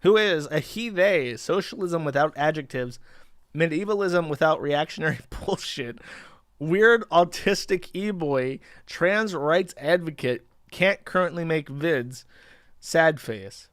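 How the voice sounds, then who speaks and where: A man in his thirties talks through online posts on his stream, mocking them with sarcasm and swearing. His voice sits a little high for a man. The recording is dry and close, with no room sound. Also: lively intonation, a little slow, fairly bright tone, no room sound. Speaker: livestream host. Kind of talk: casual commentary reading posts aloud.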